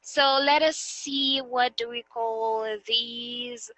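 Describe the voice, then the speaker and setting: A woman's voice: on the high side, fairly even intonation, very slow, pushed and bright, no echo, poor audio. A young woman teaching a vocabulary lesson, patiently checking that her students understand. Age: young adult.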